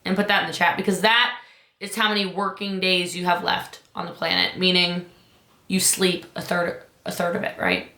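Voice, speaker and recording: An urgent, emphatic woman coach rallies her audience with a bright, forceful voice. Her pitch jumps on the points she stresses. The room around her sounds echoey. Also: animated, normal speed. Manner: emphatic, urgent, rises high on key points. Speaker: business coach. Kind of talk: motivational talk.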